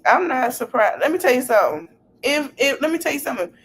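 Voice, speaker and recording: A woman hosting a casual podcast stream, talking in an animated, slangy way and repeating her phrases. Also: high-pitched, quick pace. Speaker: podcast host.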